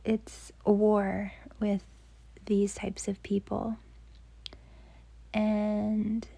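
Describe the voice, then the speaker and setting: A young woman giving dating advice in a soft, gentle whisper, rambling with frequent fillers as she talks. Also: medium pitch, vocal fry, husky.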